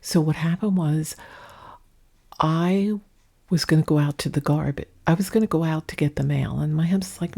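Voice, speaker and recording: Low, gravelly-voiced woman vlogger. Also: brisk. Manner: talks low and soft, rambling. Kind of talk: casual storytelling. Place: indoors at home, under a ring light. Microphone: mic set up in front of her.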